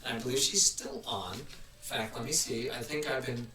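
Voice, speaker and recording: A man's voice: medium pitch, normal speed, bright, forceful tone. A man hosting a casual live stream, chatting in a rambling way and restarting his sentences often. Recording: roomy, mic at a distance.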